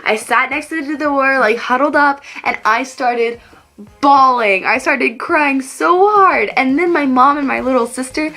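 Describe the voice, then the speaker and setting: Bright high-voiced teenage girl vlogger. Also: unhurried. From Texas. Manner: chatty, giggly, acts out childhood quotes. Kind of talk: casual storytelling to camera.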